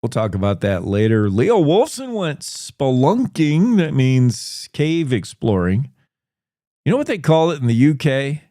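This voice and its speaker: Male talk-show host, slow, chatty and rambling, dry close sound. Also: medium pitch, very animated, dark tone, no echo. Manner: rambling, chatty, thinks aloud with restarts. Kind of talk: casual news chat.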